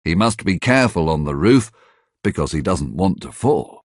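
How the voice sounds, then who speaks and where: A man narrating a graded reader story slowly and clearly for language learners. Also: sits low, expressive, dry recording, studio quality.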